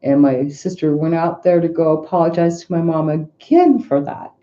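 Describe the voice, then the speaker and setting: Dark-voiced middle-aged woman rambling. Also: deep voice, fairly even intonation, normal speed, dull audio. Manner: rambling, frequent restarts and asides. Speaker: tarot reader. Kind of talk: casual personal storytelling.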